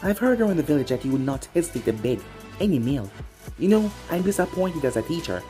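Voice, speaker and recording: A sneering, snake-like ninja villain, voiced by a fan-fiction reader, taunting his foes in a mocking, lively sing-song. The voice sits mellow and dark, with faint music behind. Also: medium pitch, quick pace, natural voice.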